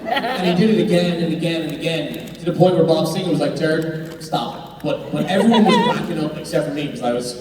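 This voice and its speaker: A man on a convention panel telling a quick, self-deprecating story to fans. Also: on the high side, animated, a crowd in the background. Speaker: actor on a fan convention panel. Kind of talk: casual anecdote on stage. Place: large convention hall. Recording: echoey hall, heard from far off.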